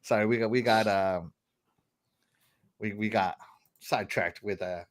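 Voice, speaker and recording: A man's voice: on the low side, unhurried. A man hosting a casual gaming news show, joking, laughing often and reading out viewer comments. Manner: animated, laughs often, reads chat shout-outs. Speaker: podcast host. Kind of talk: casual chat.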